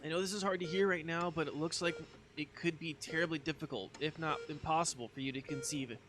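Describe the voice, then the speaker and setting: A man reading the lines of a calm, sympathetic hospital doctor in a gentle, measured way, with music playing behind him. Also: a little high, background noise, lightly acted. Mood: somber.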